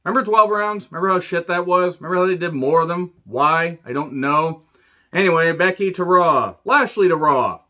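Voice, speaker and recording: A man's voice: sits high, normal speed, pushed and bright. A man in his forties giving sarcastic, profane, rambling casual commentary as a wrestling show reviewer, on a dull lo-fi recording. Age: 40s.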